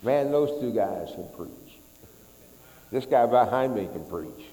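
A man's voice: mid-range voice, expressive, unhurried, warm tone. A middle-aged man preaching a sermon in a folksy, conversational way, leading his congregation in call-and-response. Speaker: pastor. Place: church sanctuary. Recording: echoey church hall.

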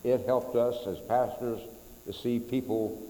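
A man's voice: medium pitch, steady tone, unhurried, dark tone. A middle-aged man preaching a sermon in a folksy, conversational way, leading his congregation in call-and-response. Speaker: pastor. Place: church sanctuary. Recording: echoey church hall.

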